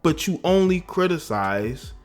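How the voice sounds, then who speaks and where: A man's voice: on the high side, very animated, a little slow, faint music behind. Indignant Southern-raised male commentator. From American South. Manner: emphatic and indignant, with repeated restarts. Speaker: political commentary vlogger. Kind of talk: opinionated political commentary.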